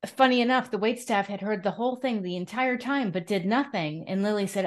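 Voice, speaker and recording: A woman hosting an interview, telling stories in an animated, supportive way. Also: mid-range voice, fairly quick. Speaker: host. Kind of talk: conversational interview.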